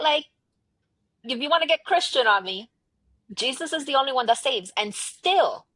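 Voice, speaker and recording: In this casual conversational interview, a marketing entrepreneur from the US, whose parents were immigrants, tells stories animatedly as a podcast guest. She slips into quoted dialogue and stresses points through repetition. Her voice is on the high side and slightly rough, captured in a dry recording.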